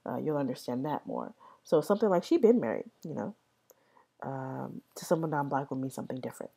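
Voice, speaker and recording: Low slow woman vlogger rambling on, lotta "right?", mellow kinda husky voice. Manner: rambling, repeats words, many "right?" checks. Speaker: vlogger explaining language. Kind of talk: casual explanatory talk.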